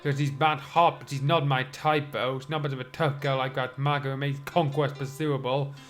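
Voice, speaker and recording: A man reading the lines of a smug, scheming male villain in a low, quiet voice. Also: steady tone, normal speed, faint music behind, lightly acted.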